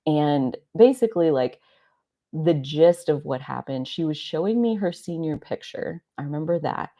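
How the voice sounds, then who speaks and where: Hosting an astrology live stream through its mic, a thirtysomething woman with a deep, dark-toned voice tells reflective personal stories at a moderate pace. She's animated yet rambling and confessional, dropping "like" often, and the audio is dull.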